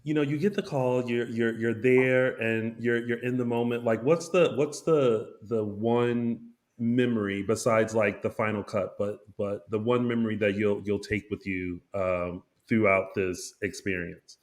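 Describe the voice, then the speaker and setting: A man co-hosting a podcast, asking halting interview questions with many restarts. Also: on the low side, fairly even intonation. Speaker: podcast co-host.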